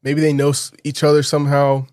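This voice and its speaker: A man telling a personal story in a casual podcast chat. He talks in an animated way and laughs often. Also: fairly high pitch, a little fast, no echo, clean studio sound. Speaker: podcast guest.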